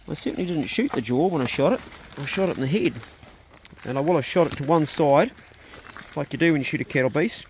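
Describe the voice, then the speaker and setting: Relaxed New Zealand man on a farm. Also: fairly high pitch, quick pace, a little hiss or hum. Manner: relaxed, plain-spoken, chatty. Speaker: vlogger, farm owner. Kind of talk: casual narration on a farm walk. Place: rural farm outdoors.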